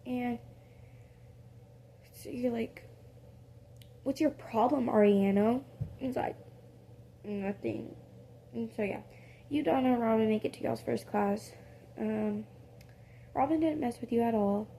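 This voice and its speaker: Woman, rambling storyteller, lots of ums and self-corrections, unhurried, mellow fairly high voice. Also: slight background noise. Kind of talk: improvised casual storytelling.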